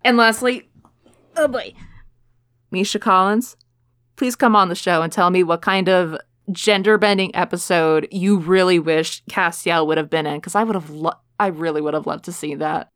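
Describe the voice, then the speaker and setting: Woman podcast host, casual and excitable, swears a lot, quick to laugh. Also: on the low side. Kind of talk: casual chat.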